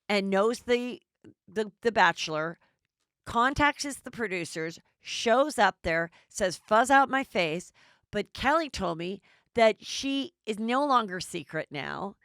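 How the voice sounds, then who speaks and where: A middle-aged woman hosting a podcast, recapping reality TV in a chatty, animated way. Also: mid-range voice, clean tone, no echo, clean studio sound. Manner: chatty, animated, does voices. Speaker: podcast host.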